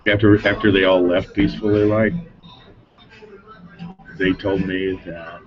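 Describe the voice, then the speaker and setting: Middle-aged man, low voice, rambling interview anecdotes with frequent chuckles. Dull lo-fi recording, music clearly behind him. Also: level tone, measured pace. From Denver, Colorado. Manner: rambling, chuckles often, trails off mid-sentence. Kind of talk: rambling casual storytelling.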